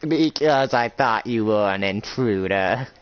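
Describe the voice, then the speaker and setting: A man voicing a blunt, crude male character in a casual tabletop role-play, speaking slowly with a drawl. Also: on the low side, smooth, highs cut off, close to an everyday voice. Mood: whiny.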